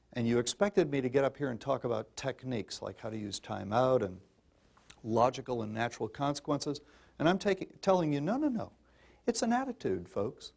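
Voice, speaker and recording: An older man lectures a room of parents with a gravelly, rough-edged voice. His pitch swings widely as he presses each point, in a folksy and insistent manner, turning to the audience as folks. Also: a little mellow. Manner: emphatic, folksy, addresses listeners as folks. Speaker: parenting speaker. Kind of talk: public talk to an audience.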